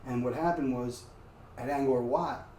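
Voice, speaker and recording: Man guest, casual animated storyteller, roomy far-off mic, faint hiss behind. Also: mid-range voice, moderate pace. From United States. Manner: loose and animated, frequent "like" fillers. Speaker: guest, martial arts practitioner. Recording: roomy, distant mic, faint background noise.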